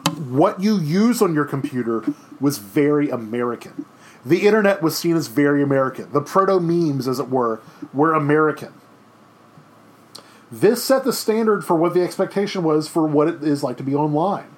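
A man in his thirties lecturing his class from home, chatty and meandering, full of restarts and fillers. His voice sits a little high for a man. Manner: rambling, conversational, many fillers and restarts. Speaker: teacher. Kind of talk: recorded history lecture. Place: home during quarantine.

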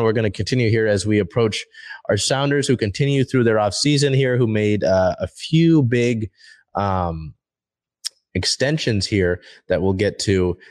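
A man's voice: fairly low pitch, a little mellow, dry recording. A young man hosting a casual sports talk show, rambling with lots of fillers and restarts.

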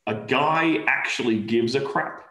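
A man's voice: mid-range voice, unhurried, pushed and bright. A man with an Australian accent, a guest on a casual interview show, talking frankly and rambling a bit. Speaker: podcast guest. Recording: roomy echo.

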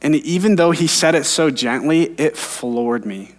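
A man's voice: a little high, lively intonation, unhurried. A man in his thirties, a pastor preaching an earnest sermon and telling personal stories. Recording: long hall reverb.

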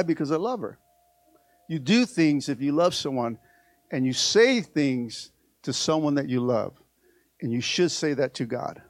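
A man preaching a sermon, playful, calling on the congregation to answer, acting out quoted prayers and dialogue, and dropping to soft asides. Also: high voice, no echo. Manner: playful, call-and-response preaching. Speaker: pastor.

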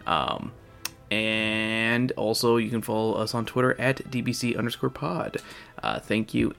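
Low, gravelly man with faint music. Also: steady tone, a little slow, fairly bright tone. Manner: loose, self-correcting, chatty. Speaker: podcast host. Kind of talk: casual spoken intro.

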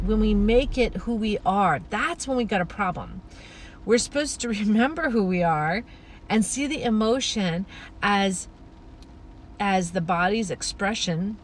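Gentle, earnest woman podcast host. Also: fairly high pitch, slight background noise. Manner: gentle, flowing and earnest, with many soft asides. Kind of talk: spiritual podcast monologue.

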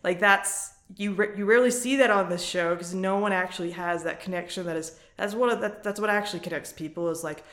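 A woman's voice: fairly low pitch, a little fast, hardly any pauses, fairly bright tone, roomy sound. A woman co-hosting a casual podcast, recapping a reality show, talking frankly and swearing freely. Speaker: podcast co-host.

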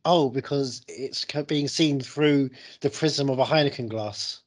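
A man co-hosting a podcast, rambling through deadpan comic riffs in casual chat. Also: mid-range voice, moderate pace. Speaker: podcast co-host.

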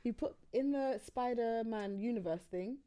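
A woman's voice: a little high, normal speed. A woman co-hosting a podcast, chatting playfully and laughing often. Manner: lively, laughing, playful mimicking. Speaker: podcast co-host. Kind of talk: casual chat.

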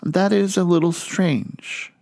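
A man's voice: sits high, steady tone, slow, creaky, darkish tone. Earnest male preacher. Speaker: pastor. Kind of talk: sermon.

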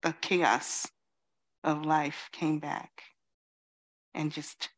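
A woman gives a dharma talk, reflective and unhurried. She is in her fifties, speaks slowly and pauses often, with many "you know"s between her thoughts. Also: deep voice, level tone. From Queens, New York. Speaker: Zen teacher.

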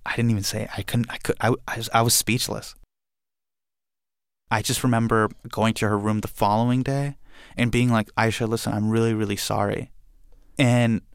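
A man from India telling a personal story, acting out the scenes with animated energy. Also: on the low side, creaky, no echo, clean studio sound.

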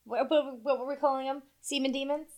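A woman's voice: high-pitched, steady tone, fairly quick, a crowd in the background. A woman in her forties co-hosting a casual chat, crude, profane and joking. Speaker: podcast co-host.

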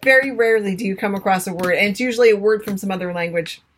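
A woman's voice: medium pitch, rapid-fire, slight background noise. A woman co-hosting a casual sports podcast, chatty and self-deprecating, fussy about how names are pronounced. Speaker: podcast co-host.

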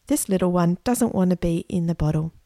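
A woman voicing a sensible, kindly older brother who talks calmly and reasonably. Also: fairly low pitch, brisk, no room sound, studio quality, lightly acted. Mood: earnest. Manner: calm and reasonable.

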